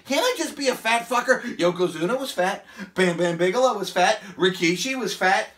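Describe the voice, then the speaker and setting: Joking high-voiced man, lively swings. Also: fairly quick. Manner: crude joking, breathless from exercise. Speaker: vlogger. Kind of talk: casual family vlog banter. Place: home.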